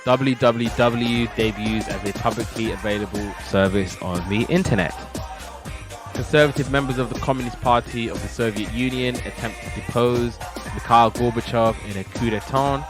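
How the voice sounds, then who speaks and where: A man's voice: mid-range voice, normal speed, over music. A British man hosting a casual TV review podcast, enthusiastic and rambling with repeated words. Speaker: podcast host.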